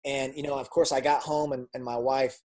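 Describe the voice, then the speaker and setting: A man giving a personal testimony as a guest speaker, telling a story with lively acted-out dialogue and frequent repeated words. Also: mid-range voice, brisk. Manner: animated storytelling, acts out dialogue; repeats words when restarting.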